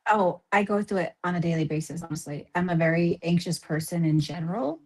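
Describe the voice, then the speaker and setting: Husky low-voiced woman, candid chat. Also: a little fast, darkish tone. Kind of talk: casual podcast chat.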